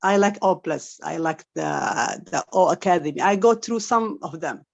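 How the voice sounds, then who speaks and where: A woman panelist giving an excited, repetitive testimonial on an online call. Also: on the low side, normal speed, vocal fry, lo-fi sound. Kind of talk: enthusiastic testimonial.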